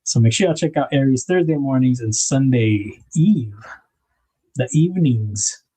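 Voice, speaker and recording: Laid-back man, mellow voice. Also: mid-range voice, expressive, unhurried, breathy edge. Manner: rambling, laid-back, greets viewers in chat by name. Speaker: livestream host and knife designer. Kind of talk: casual livestream chat.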